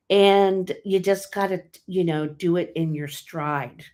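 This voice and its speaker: A woman hosting her own vlog, talking in a candid, casual way with many fillers and restarts. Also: lowish voice. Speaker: tarot channel host. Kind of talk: casual personal vlog talk.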